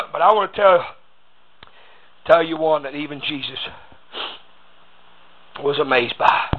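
A man preaching a sermon, starting each phrase with a rhythmic "uh" and breaking into shouted bursts. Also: fairly high pitch, takes it slowly. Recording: phone-like raspy audio.

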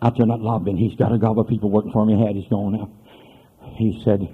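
A man preaching a holiness sermon as a pastor, moving between hushed storytelling and loud hollering. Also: fairly low pitch, steady tone, rapid-fire, slightly rough, rough recording. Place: church.

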